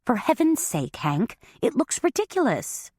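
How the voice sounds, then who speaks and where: A woman's voice: a little high, very animated, measured pace, warm tone, husky, no echo, studio quality, voice pushed up, full character voice. A woman voicing a fussy, doting older mother who is easily exasperated, in a storybook reading. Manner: exasperated, prim.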